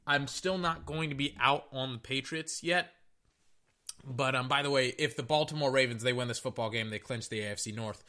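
A man giving casual, rambling play-by-play of a football game, excitable, often correcting himself and swearing casually. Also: mid-range voice, moderate pace. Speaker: sports commentator. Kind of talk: casual play-by-play commentary while watching a game.

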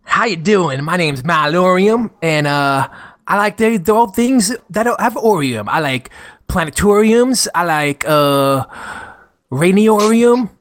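A man doing a goofy, high-voiced guy who lilts and stalls between words. The delivery is a playful podcast bit, well above his usual pitch. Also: lively intonation, slow, a bit bright, heavily acted. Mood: silly. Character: silly male nerd obsessed with words ending in orium.

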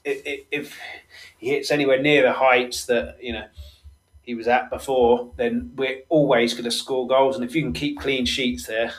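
A man's voice: medium pitch, steady tone, moderate pace, poor audio. A man hosting a solo football podcast, chatting casually with lots of fillers and self-corrections. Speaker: podcast host.

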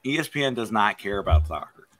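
A man's voice: on the low side, sing-song, fast, a bit bright. A man from Kentucky co-hosting a podcast, arguing about sports coverage in casual chat with an opinionated, emphatic manner. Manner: opinionated, emphatic, many "like" fillers. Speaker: podcast co-host.

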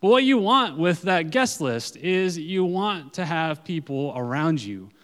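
A man's voice: fairly high pitch, sing-song, a little slow, fairly bright tone. A man, a pastor giving a casual sermon in a loose, chatty way with many fillers. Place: church sanctuary. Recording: long church-hall reverb.

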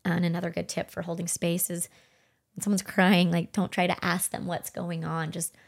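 A middle-aged woman talks on a podcast in a low, gravelly voice. She is gentle and earnest, thinking aloud about personal experiences and sometimes acting out what she once thought. Her pace stays unhurried. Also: flat delivery. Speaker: podcast co-host. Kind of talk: heartfelt conversational podcast talk.

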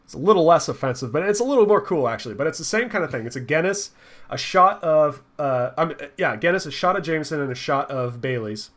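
A man's voice: fairly high pitch, expressive, a bit bright. A young man co-hosting a podcast in casual chat, joking and laughing often. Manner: joking, laughs often, quick bursts of mock voices. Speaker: podcast co-host.

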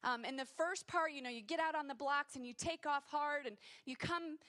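A woman preaching a sermon, telling a personal story and building to impassioned, forceful exhortation. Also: high voice, moderate pace.

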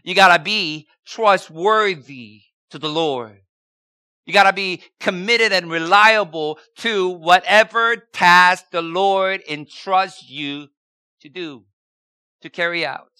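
A man's voice: high-pitched, slow pace, pushed and bright, smooth, dry recording, clean studio sound. A man preaching a sermon as a pastor, asking rhetorical questions and repeating key words for emphasis.

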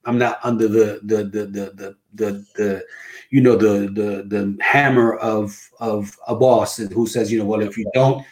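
A man from New Jersey, a guest imam, chatting casually on a podcast and telling animated stories, often asking "you know what I mean". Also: on the low side, a little slow.

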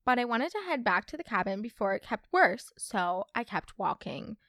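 Lively, chatty young woman podcaster. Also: fairly high pitch, normal speed, no room sound, clean studio sound. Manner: chatty, expressive, reads listener stories aloud. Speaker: podcast host. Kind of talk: casual storytime podcast.

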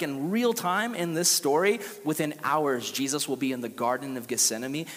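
Animated young man preaching in a hall. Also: fairly high pitch. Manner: casual and animated, acts out quotes. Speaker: youth pastor. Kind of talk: sermon.

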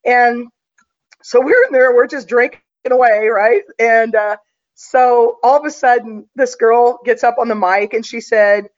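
A woman's voice: on the high side, measured pace. Chatty woman telling a story, muffled. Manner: chatty, confident, full of fillers. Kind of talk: casual storytelling.

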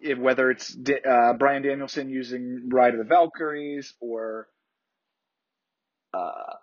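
A man's voice: mid-range voice, steady tone, a little slow, highs cut off. A man hosting a podcast, recapping wrestling shows in a rambling, opinionated solo chat with many restarts. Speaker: podcast host.

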